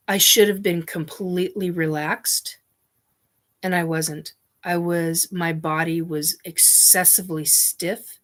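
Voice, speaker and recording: A woman's voice: lowish voice, fairly bright tone. A woman host telling a personal story bluntly, with frequent restarts and casual swearing.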